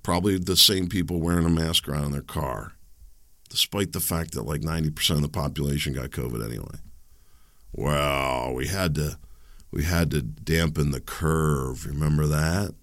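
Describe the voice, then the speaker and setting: Gravelly low-voiced man in his fifties. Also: moderate pace, fairly bright tone, no echo, studio quality. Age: 50s. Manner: heated, rambling, sarcastic. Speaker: podcast host. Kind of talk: political commentary monologue.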